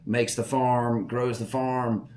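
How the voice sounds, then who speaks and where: A man from Southern Virginia with a Southern accent, hosting a podcast and telling hunting stories in a folksy, animated way. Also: mid-range voice, takes it slowly. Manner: folksy, animated, repeats words while telling a story. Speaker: podcast host. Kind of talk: casual storytelling.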